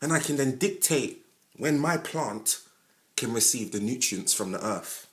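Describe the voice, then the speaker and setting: Speaking at an unhurried pace, this London-accented male podcast host gives a passionate monologue aimed directly at his listener. His animated delivery lurches from sudden loud bursts to low asides, thick with London slang.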